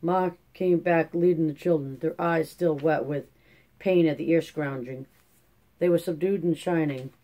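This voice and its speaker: An audiobook narrator reading a classic novel in steady, measured scripted narration. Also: medium pitch.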